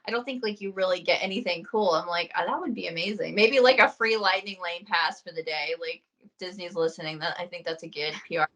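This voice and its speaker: A woman's voice: fairly low pitch, brisk, a bit bright, poor audio. A young woman hosting a casual chat, telling stories with quoted asides and easy laughs. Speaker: host.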